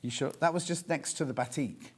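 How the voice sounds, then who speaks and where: A man's voice: on the high side, a little fast, husky. A man in his sixties presenting a live shopping show, chatting and bantering with viewers while he shows products. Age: 60s.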